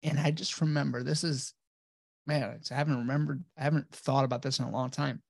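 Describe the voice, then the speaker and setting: A man's voice: medium pitch, steady tone, fairly quick, vocal fry, no room sound, studio quality. A man telling his own story casually as a guest, blunt and profane, acting out his old replies.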